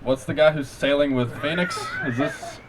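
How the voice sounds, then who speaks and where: A man doing crowd work at the end of a stand-up set, teasing audience members in a quick back-and-forth. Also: a little high. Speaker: stand-up comedian. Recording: loud crowd at live outdoor show.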